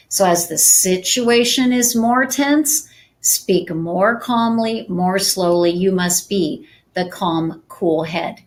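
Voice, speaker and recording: Woman, sales coach, live-stream training, calm, soft-spoken, slow delivery. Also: medium pitch. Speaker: real estate sales coach.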